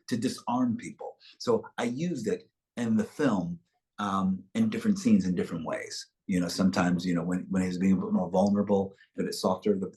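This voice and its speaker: A man's voice: low voice, darkish tone. A man speaking as an actor guest in a webchat interview over a video call, reflective and expansive in the way he tells things.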